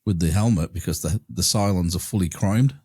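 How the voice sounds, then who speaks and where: A man's voice: deep voice, fairly quick, mellow, breathy edge. A man hosting a podcast, chatting casually and laughing easily. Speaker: podcast host. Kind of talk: casual chat.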